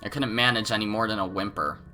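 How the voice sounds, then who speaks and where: A man's voice: lowish voice, fast, pushed and bright, soft background music. A man with a cold, hosting a let's play, reading game narration aloud with casual joking asides. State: has a cold.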